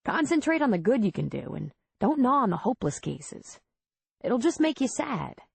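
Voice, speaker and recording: A woman voicing a steady, plainspoken small-town bar owner in an audiobook. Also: a little high, moderate pace, creaky, breathy edge, no echo, voice pushed up, exaggerated voice. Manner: calm, matter-of-fact.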